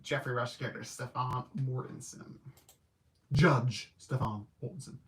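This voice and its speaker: A man's voice: medium pitch, fairly even intonation, moderate pace, a bit bright. A man hosting a casual livestream movie review, rambling and correcting himself as he thinks aloud. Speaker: film reviewer host.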